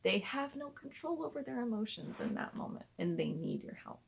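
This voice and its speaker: A woman explaining parenting steps in a patient, conversational way, sometimes acting out gentle lines a parent might say. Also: fairly high pitch, sing-song, a little fast, creaky, husky. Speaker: parenting educator. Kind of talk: explanatory talk.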